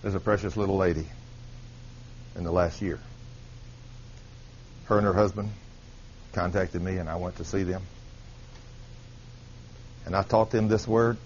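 A man's voice: deep voice, fairly even intonation, measured pace, long pauses, a little mellow. A man preaching a sermon, telling a testimony story with quoted dialogue and rising to emphatic peaks. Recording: dull lo-fi sermon recording with faint hiss.

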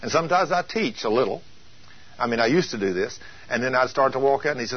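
Husky-voiced man preaching emphatically. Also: medium pitch, fast. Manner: emphatic, asks rhetorical questions. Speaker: preacher teaching on healing. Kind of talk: sermon. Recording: dull lo-fi taped teaching.

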